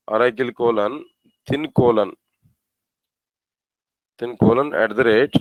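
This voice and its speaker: A man teaching a programming class, asking his students rhetorical questions and spelling out code slowly. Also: medium pitch, fairly even intonation, dry recording, rough recording. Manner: asks the class rhetorical questions, repeats phrases. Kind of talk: live coding lecture.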